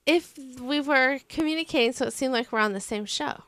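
A woman co-hosting a podcast, laughing and gently scolding in casual banter. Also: high voice, a little fast, no room sound. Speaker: podcast co-host.

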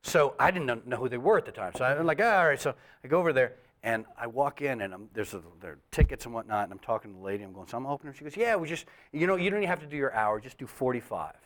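A middle-aged man, a comedian guest, telling a stand-up story with lively acted-out voices and frequent laughs. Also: mid-range voice, rapid-fire, few pauses. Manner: animated storyteller, acts out voices, laughs often.

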